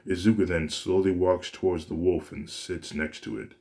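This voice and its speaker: Deep-voiced man casually narrating a fan story. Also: steady tone, moderate pace, dark tone. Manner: casual, with frequent restarts and self-corrections. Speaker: story reader.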